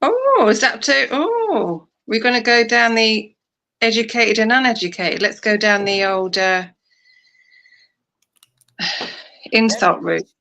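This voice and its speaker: Bright-voiced woman co-hosting a stream. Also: on the high side, lively intonation, slow, creaky, pauses often. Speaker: livestream co-host. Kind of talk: casual livestream chat.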